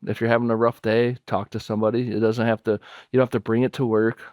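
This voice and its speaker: A man's voice: mid-range voice, level tone, fast, darkish tone, no room sound, studio quality. A man guesting on a podcast, speaking earnestly and a little rambling, repeating his main points. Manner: heartfelt, rambling, repeats key phrases. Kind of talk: earnest personal sharing.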